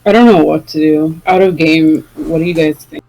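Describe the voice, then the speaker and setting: Higher-voiced loud male player. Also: steady tone, normal speed, gravelly, low-quality recording. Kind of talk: casual chat while playing a tabletop game.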